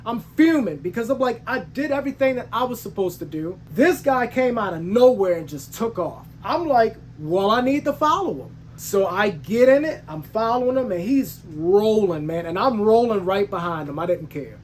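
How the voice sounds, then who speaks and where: A man's voice: high voice, expressive, moderate pace, hardly any pauses. A man as a truck driver and host, hot under the collar, retelling a story with slang and a faint hum behind. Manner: heated, emphatic retelling with slangy asides; frequent restarts and self-corrections. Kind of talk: casual storytelling to camera.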